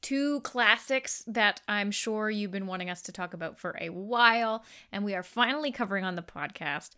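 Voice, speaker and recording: A woman's voice: mid-range voice, moderate pace, sharp tone. A young adult woman co-hosting a podcast in casual, self-deprecating chat. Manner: chatty, self-deprecating, laughs easily. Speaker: podcast co-host.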